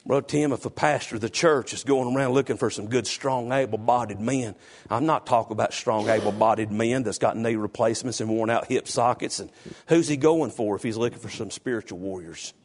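A middle-aged man preaching a sermon, calling on his congregation by name and rising to loud exhortation. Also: medium pitch, a little fast. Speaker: pastor.

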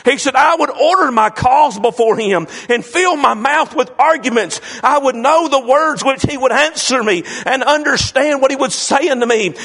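A man preaching a sermon, swinging from shouted fervor to a hushed murmur. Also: very high voice.

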